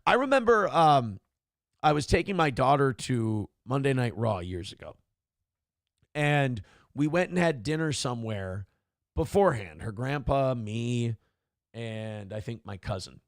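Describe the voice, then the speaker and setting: A man's voice: mid-range voice, unhurried, no room sound, clean studio sound. A man in his forties hosting a morning talk show, telling profane, rambling stories in a casual chat style. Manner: profane, animated storytelling.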